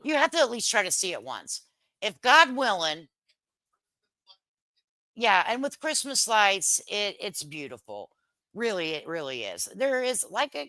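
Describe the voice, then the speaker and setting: A middle-aged woman with a medium-pitched, sharp-toned voice and no echo hosts a casual livestream. She reads viewer comments in a brash, joking way, swearing lightly and laughing often.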